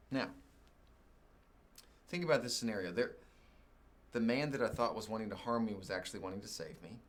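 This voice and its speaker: A middle-aged man from Oklahoma preaching, telling a personal story with animated swings and leaps up in pitch when exasperated. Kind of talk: sermon storytelling.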